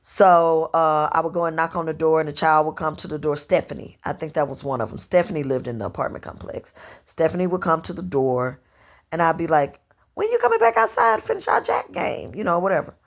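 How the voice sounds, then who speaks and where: Southern lady in her 50s, low voice, slow drawn-out storytelling, just rambling to the camera. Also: steady tone. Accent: Southern US, Louisiana. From Louisiana, US. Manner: unhurried storytelling, drawn-out phrasing, slips into dialect and quoted voices. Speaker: vlogger. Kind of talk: rambling personal monologue to camera.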